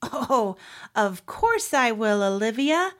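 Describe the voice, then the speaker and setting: A gentle, patient storybook papa, voiced by a woman reading aloud. He speaks fondly and unhurried, with a lively, melodic lilt. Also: on the high side. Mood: tender. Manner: warm, patient.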